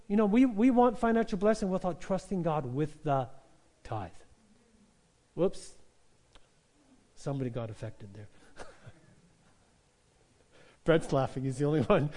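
A male pastor preaching an animated sermon. He calls out to the congregation for an "Amen" and acts out quotes as he goes. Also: a little high, moderate pace, long pauses.

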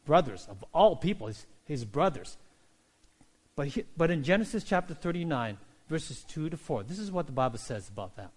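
A male pastor preaching a sermon, telling stories in an animated way and acting out characters. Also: a little high, moderate pace. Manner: animated storytelling, voicing characters.

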